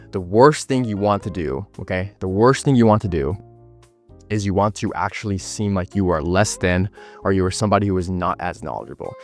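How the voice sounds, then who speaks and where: A young man talks business straight to the camera with hard confidence, leaning on repeated words to drive each point home. His voice sits low, and faint music plays underneath. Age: young adult. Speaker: agency owner giving business advice. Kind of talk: direct-to-camera business vlog.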